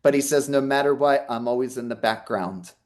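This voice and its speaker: Guy on a video call doing a medium reading, earnest, reassuring, middle pitched voice. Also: a little fast. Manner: earnest, reassuring, relays messages in quotes. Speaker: psychic medium. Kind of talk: live online talk and reading.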